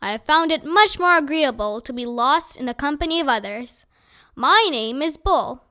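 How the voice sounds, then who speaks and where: A woman voicing a big bearded wandering man who speaks in a gentle, courtly, playful way in a storybook reading. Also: high-pitched, animated, moderate pace. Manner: courtly, playful, formal wording.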